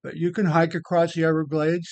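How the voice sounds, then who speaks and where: A man's voice: fairly high pitch, little pitch movement, brisk, darkish tone, no echo. An older man rambling casually over photos of an old hike, blunt, with many repeated words. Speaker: vlogger.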